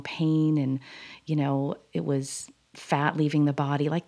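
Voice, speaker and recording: A woman's voice: low-pitched, mellow. A woman in her thirties hosting a personal monologue, earnest and confessional, often laughing at herself. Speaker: host.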